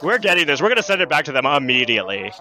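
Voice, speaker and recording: An overjoyed tourist dad, as a game master puts him on, his voice pitched well up and stretching out each delighted exclamation. He gushes breathlessly over every trinket in a tabletop game scene, with faint background music behind him. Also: big pitch swings, very fast, bright, forceful tone, exaggerated voice. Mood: gushing. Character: gushing middle-aged male tourist dad.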